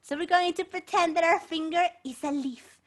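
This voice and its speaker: A woman's voice: extremely high pitch, moderate pace. A woman performer hosting a bilingual children's show, talking playfully to a puppet cat and the young audience. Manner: animated, playful, talks to a puppet. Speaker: children's entertainer.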